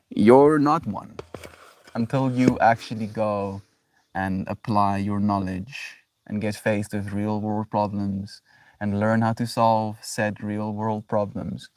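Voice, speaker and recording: Male streamer, lowish voice, reflective and affectionate, dry sound a little off mic. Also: a little mellow, no room sound, distant mic. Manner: reflective, repeats "right?", effusive affection. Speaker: daily livestreamer. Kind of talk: casual spiritual livestream talk.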